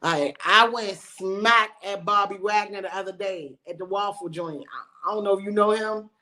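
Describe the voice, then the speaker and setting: A woman in her forties, a comedian telling animated, bawdy stories and laughing often in a casual interview. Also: mid-range voice, normal speed. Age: 40s. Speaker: comedian guest.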